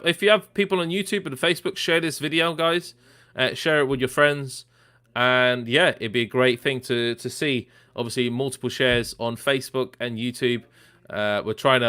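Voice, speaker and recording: Hosting a live football watchalong, this man chats casually, packing his talk with fillers as he reads out viewers' names and predictions. His voice sits at medium pitch, bright and smooth, with a forceful edge.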